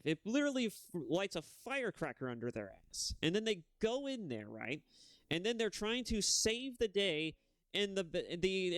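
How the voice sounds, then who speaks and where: A young man rants on a casual gaming stream, profane and heated, his talk rambling from one point to the next. His voice sits a little high and sounds smooth and clean. The close mic catches it dry, with no room sound. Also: fairly bright tone, no room sound.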